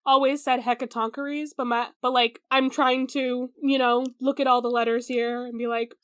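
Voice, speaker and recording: A woman's voice: fairly high pitch, level tone, moderate pace, smooth, no echo. A woman co-hosting a podcast in casual chat, rambling and stumbling over hard names. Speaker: podcast co-host.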